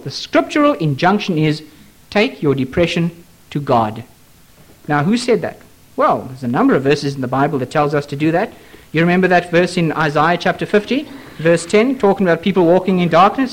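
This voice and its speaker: Earnest preacher man with lively swooping voice. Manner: earnest, pleading, dramatic swings in pitch and pace; addresses listener directly with rhetorical questions. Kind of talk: sermon.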